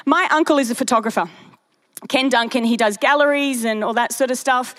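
Brief: young woman, high bright voice, conversational preacher who tells stories and drops asides. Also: fairly quick. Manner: chatty, storytelling, animated asides. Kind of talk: sermon.

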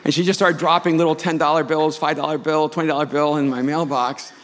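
A man telling a personal story as a sermon, building from quiet recollection to loud preaching. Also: fairly high pitch, little pitch movement, fast. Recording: reverberant hall.

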